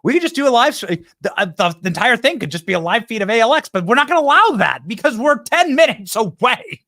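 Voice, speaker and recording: A man's voice: very high voice, fairly quick, dry recording. Guy hosting a live political stream, voice jumps all over, joking around, dry close sound. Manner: joking, animated, teasing crew. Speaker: host. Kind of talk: live political show chat.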